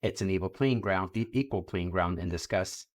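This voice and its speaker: A man in his forties, a podcast host, talking reflectively in casual chat. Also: sits low. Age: 40s. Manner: reflective, talks quickly.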